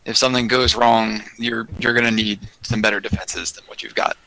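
A man playing a tabletop game, speaking calmly and a little hesitantly. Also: fairly low pitch, fairly quick, gravelly, rough recording. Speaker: player. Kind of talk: in-character tabletop play.

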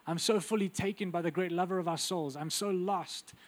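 A man preaching a sermon with intense, urgent delivery that drops to quiet, intimate asides. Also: high-pitched, a little fast.

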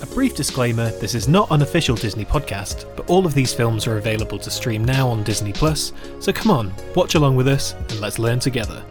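A man's voice: mid-range voice, lively intonation, a little fast, music in the background. A young man hosting a podcast, speaking in a playful, jokey way. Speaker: podcast host. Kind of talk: podcast chat with scripted intro.

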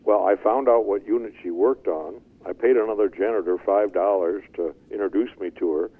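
An older man telling his life story as an interview guest, animated and chuckling as he goes. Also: on the low side, brisk, slightly rough. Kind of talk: storytelling testimony. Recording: tinny phone-like line.

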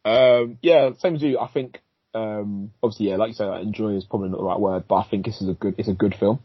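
A man talks through films in a relaxed podcast chat, his low voice slightly husky. He fills his speech with likes and ums and agrees often. The recording is dull and lo-fi, with a dry, close sound. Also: quick pace, no room sound. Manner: loose, filler-heavy, reacts with short agreements. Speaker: film podcast co-host. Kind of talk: casual film review chat.

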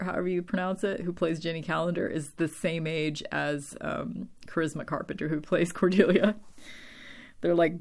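A woman's voice: lowish voice, gravelly. A woman casually recapping a TV episode, rambling and filling her talk with "like" and "um," her voice tiring from long talking. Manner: rambling, heavy use of "like" and "um".

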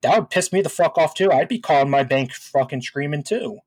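A young man talks in a casual podcast chat, ranting profanely about rude callers. His voice sits a little high and sounds husky. He tells his stories with plenty of animation. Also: fairly quick, no room sound. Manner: profane, venting, animated storytelling. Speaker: podcast co-host.

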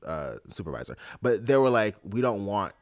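A man's voice: fairly low pitch, moderate pace, no room sound, studio quality. A man in his late twenties, a podcast co-host telling a story in casual chat and acting out the quoted voices of the people in it. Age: late 20s. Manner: animated storyteller, acts out quoted dialogue.

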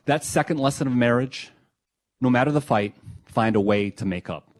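A young adult man reading his own memoir essay in a reflective, measured, quietly emotional way. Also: mid-range voice. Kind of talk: first-person memoir reading.

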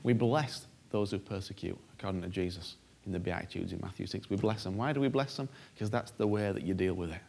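A man's voice: low voice, fast, gravelly, few pauses, darkish tone. A male preacher delivering a sermon, stressing points by repeating phrases and acting out prayers. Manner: emphatic, repeats key phrases and acts out prayers.

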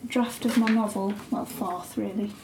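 A woman's voice: mid-range voice, fairly even intonation, moderate pace, reverberant, background noise. A woman, a writer and editor, chatting casually and thoughtfully with frequent ums. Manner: thoughtful, a little hesitant with many ums. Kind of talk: casual conversation.

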